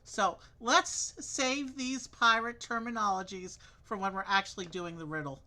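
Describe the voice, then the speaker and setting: A woman's voice: mid-range voice, fairly even intonation, unhurried, bright, forceful tone. A woman chatting casually while playing a game, earnestly explaining how it works. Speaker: game co-host. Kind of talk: casual let's-play chat.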